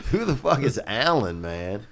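Brief: male co-host, thirties, mid-pitched, very lively pitch swings, drawling bro chatter. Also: a little slow, a little hiss or hum. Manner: drawling, bro-talk, lively ups and downs. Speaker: podcast co-host. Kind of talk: casual comedic chat.

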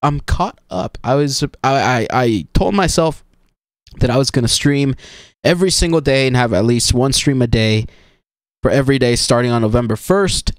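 A man streaming a video game, chatting casually and excitably, joking and laughing as he plays. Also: medium pitch, moderate pace, no room sound, studio quality. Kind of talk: let's play commentary.

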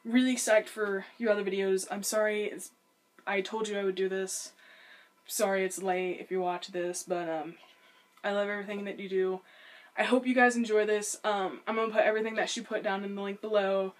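A woman's voice: medium pitch, little pitch movement, brisk. A woman gives casual reaction commentary on a friend's video. She is chatty and giggly, and she keeps apologizing as she talks.

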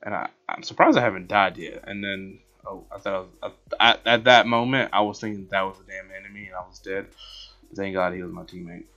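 A man casually commentating over his own gameplay footage, rambling, excitable and poking fun at himself. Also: low-pitched, fairly quick. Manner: rambling, excitable, self-mocking. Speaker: gaming channel host. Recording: dull lo-fi with background music.

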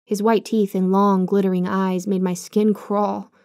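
Mellow-voiced woman narrating a horror story. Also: medium pitch, little pitch movement, measured pace.

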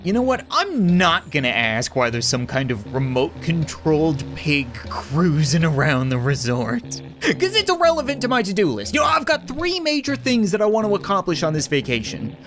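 A man's voice: a little high, sing-song, moderate pace, over music. A man giving crude, joking commentary while playing video games. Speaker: gaming YouTuber. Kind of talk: comedic gameplay commentary.

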